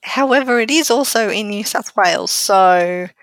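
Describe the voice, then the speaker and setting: A woman's voice: mid-range voice, moderate pace, fairly bright tone, no room sound. A woman co-hosting a podcast, chatting casually with a teasing manner and frequent laughter. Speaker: podcast co-host. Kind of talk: casual chat.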